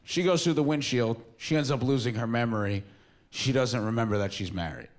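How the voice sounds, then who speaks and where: A man's voice: medium pitch, brisk. A man in his twenties doing a stand-up comedy set on a club stage, talking in a casual, rambling, self-mocking way into a handheld mic. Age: 20s.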